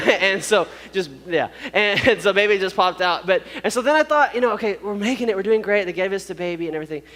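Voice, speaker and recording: A man's voice: high-pitched, lively intonation, brisk, hardly any pauses, sharp tone, in a large hall. A man telling a personal story to an audience, acting out sounds and quoted voices, with many fillers.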